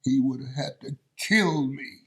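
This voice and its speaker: A woman's voice: extremely low pitch, measured pace, breathy edge, pitched above the performer's own voice, full character voice. A man voicing his frightened, protective mother as she urgently apologizes to her child. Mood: pleading.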